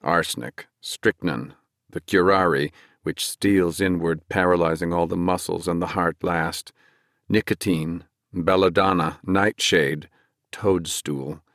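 Deep-voiced male audiobook narrator. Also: steady tone, a bit bright, dry recording, clean studio sound. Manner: measured, dramatic storytelling, slowing for emphasis. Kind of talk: scripted fantasy narration.

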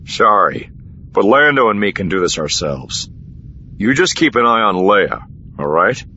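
Brief: wry rogue voiced by a male narrator, very deep, bright-edged, faint hiss. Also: sing-song, unhurried, highs cut off, heavily acted. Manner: dry, offhand and roguish. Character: wry, roguish adult male smuggler-hero. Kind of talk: audiobook character voice.

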